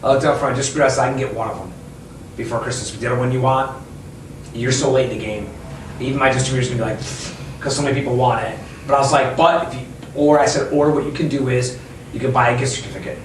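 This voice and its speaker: A man's voice: medium pitch, fairly even intonation, quick pace, slight background noise. Man, bookstore owner, rambling storyteller, very echoey room, distant mic. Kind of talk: casual interview chat. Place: inside his bookstore.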